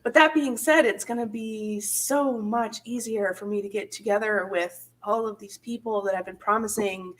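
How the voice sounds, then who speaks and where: A woman's voice: medium pitch, moderate pace, hardly any pauses. A woman hosting a casual live-stream chat, chatty and laughing often, with many fillers. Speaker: channel host.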